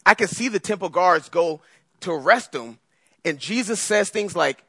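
A male preacher delivers a lively, conversational sermon with a pitch that rises and falls widely. His voice is bright and a little high. The recording is dry and close. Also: normal speed, slightly rough, dry recording. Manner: animated, conversational, acts out scripture voices.

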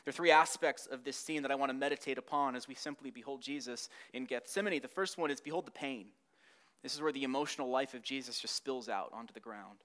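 A man preaching a sermon, earnest and meditative, repeating key words, building up and then dropping to a hush. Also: medium pitch, fast. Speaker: pastor.

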